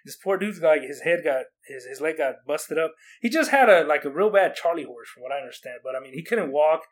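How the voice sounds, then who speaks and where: A man's voice: a little high, lively intonation, a little fast, slightly rough. A young man from Oregon casually telling stories from his school days, rambling with lots of restarts and acting out quotes. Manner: rambling, many likes and restarts, acts out quotes. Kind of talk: casual storytelling.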